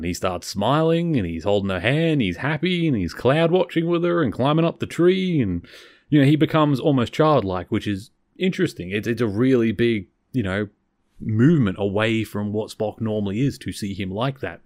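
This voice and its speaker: A man's voice: fairly low pitch, a little mellow, no echo, studio quality. A man hosting a podcast, recapping an episode in a casual, rambling way and often correcting himself. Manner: rambling, self-correcting, conversational. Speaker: podcast host.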